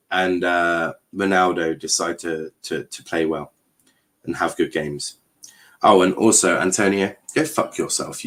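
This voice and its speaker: Deep-voiced man doing casual match commentary. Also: fairly bright tone. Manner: casual, joking and sweary, with frequent fillers. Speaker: host. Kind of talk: live football watchalong commentary.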